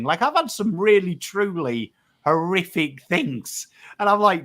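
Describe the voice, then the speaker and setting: A man's voice: high-pitched, very animated, a little slow, fairly bright tone. An emotive Australian man co-hosting a casual podcast, talking emphatically, swearing freely and acting out what he tells his mates. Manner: acts out quotes of mates in conversation. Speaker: podcast co-host.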